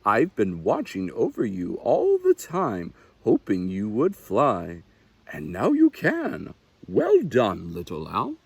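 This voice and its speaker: A man voicing a gentle, caring mother owl in a storybook reading, soft and reassuring. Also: fairly low pitch, wildly swooping pitch, slow, creaky, slightly rough, no echo, full character voice.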